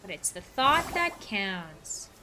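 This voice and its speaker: Sitting at her home computer desk, a woman streams a game and chats casually, playfully teasing her viewers. Her mid-range voice is slow and sing-song, with background noise audible.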